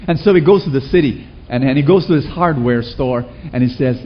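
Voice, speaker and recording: A man's voice: mid-range voice, normal speed, dull audio. A male preacher giving a sermon with call-and-response, telling stories and asking the congregation rhetorical questions. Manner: animated storytelling, rhetorical questions.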